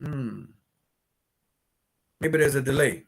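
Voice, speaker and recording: A man from New Orleans, speaking with a New Orleans accent, hosts a casual business credit livestream, chatting directly with viewers before presenting steps. His mid-range voice has lively intonation, vocal fry and a slightly rough edge, and he takes it slowly.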